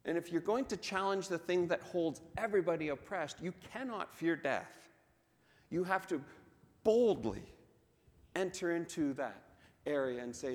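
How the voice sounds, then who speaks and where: A man preaching a sermon in a church, telling the story with animated delivery and acting out the voices of the crowd. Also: fairly high pitch, normal speed. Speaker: pastor. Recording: long reverb of a church hall.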